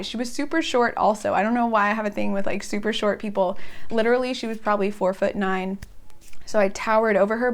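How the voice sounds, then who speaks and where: Young woman in her 20s vlogging, super chatty, says like a lot, voice jumps up when she quotes herself. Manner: chatty, fills talk with "like"; animated, jumps up in pitch when quoting herself. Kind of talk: casual storytelling to camera.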